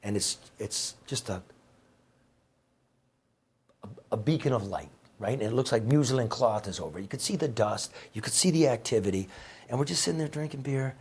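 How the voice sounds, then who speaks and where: A man's voice: mid-range voice, expressive, normal speed, darkish tone, husky. A middle-aged man, a former reporter, telling heartfelt stories in a rambling, emphatic way. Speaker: guest, former newspaper reporter. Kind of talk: conversational storytelling.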